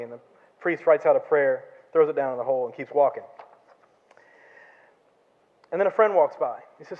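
A man's voice: medium pitch, fairly quick, pauses often. A man giving an earnest sermon testimony in church, telling a parable with quoted voices. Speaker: guest speaker. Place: church sanctuary. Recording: lo-fi, phone-like sound in a reverberant church hall.

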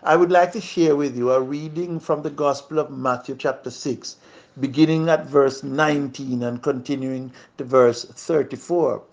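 A man delivers a prepared sermon in a measured, solemn voice at a middle pitch. He leans on a repeated refrain as he builds his points. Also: fairly even intonation. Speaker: preacher. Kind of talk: scripted sermon reflection.

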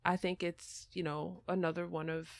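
A woman's voice: lowish voice, flat delivery, normal speed. A woman hosting a podcast interview, speaking thoughtfully and hesitantly with many fillers. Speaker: podcast host. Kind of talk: interview conversation.

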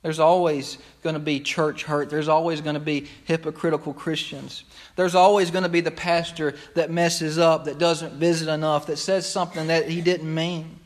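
Impassioned preacher man, fairly high voice. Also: flat delivery, moderate pace. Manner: impassioned, repetitive, conversational preaching. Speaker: pastor. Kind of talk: sermon. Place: church sanctuary.

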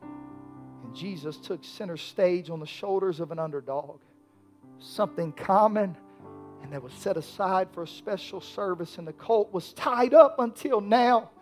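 A man preaching a sermon as pastor, swinging from hushed lines to shouted peaks. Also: high-pitched, animated, unhurried, faint music behind.

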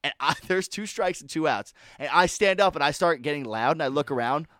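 A young man co-hosting a casual chat, excitable, swearing and laughing often as he tells stories. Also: a little high, fairly quick, no echo, clean studio sound. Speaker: podcast co-host.

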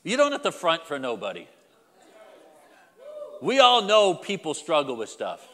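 A man's voice: on the high side, huge pitch swings, a little slow, sharp tone, in a large hall. A man preaching a sermon as pastor, emphatic and repetitive, speaking directly to the congregation.

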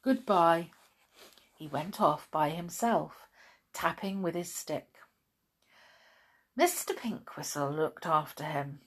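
A woman reading a children's story aloud, slow and expressive with hushed moments. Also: deep voice, breathy edge.

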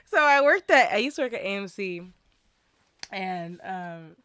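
A woman's voice: medium pitch, animated, unhurried, a bit bright. A young woman co-hosting a podcast, chatty and laughing often as she tells a story. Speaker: podcast co-host. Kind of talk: casual chat.

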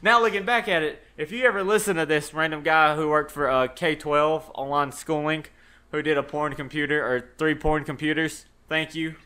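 A man's voice: a little high, steady tone, moderate pace, bright, forceful tone. A young man, a podcast co-host, telling a rambling story in casual chat and swearing freely.

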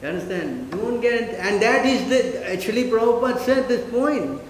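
A man's voice: high voice, lively intonation, fairly quick, hardly any pauses. A man giving a devotional class, emphatic and full of rhetorical questions, checking often that listeners understand. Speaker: spiritual teacher. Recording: echoey hall.

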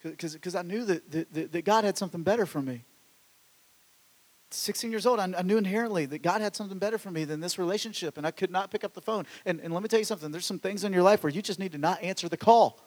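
A man with a high voice preaches a sermon in a church, his words ringing with the long reverb of a large hall. He swings between loud, animated exclamations and quiet, intimate asides, stumbling over restarts as he presses his point. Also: fast. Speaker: pastor.

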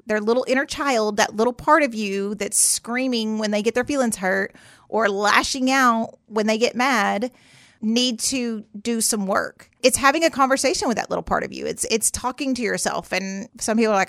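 A woman therapist talks through emotions in a loose, conversational podcast style, slipping into quick client voices as she goes. Her voice sits at an ordinary middle pitch and the recording is dry and close, with no room sound. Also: fairly bright tone, no room sound. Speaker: therapist host. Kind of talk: podcast explainer monologue.

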